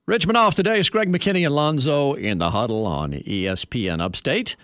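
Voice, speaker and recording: A man's voice: mid-range voice, lively intonation, brisk, a bit bright, no echo, studio quality. A man hosting a sports radio show, reading news items and chatting with asides.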